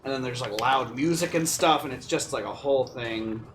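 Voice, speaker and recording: A man's voice: medium pitch, normal speed, a bit bright, slight background noise. A man chatting casually while watching a game stream, rambling with lots of filler words. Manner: rambling, filler-heavy storytelling. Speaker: guest streamer. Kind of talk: casual chat.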